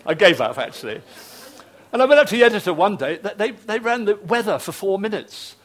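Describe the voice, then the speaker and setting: This older British man, a retired television producer, has a high, fairly bright voice with big pitch swings and a brisk pace. Telling anecdotes to an audience, he's chatty but hesitant, leaning on fillers and restarting often.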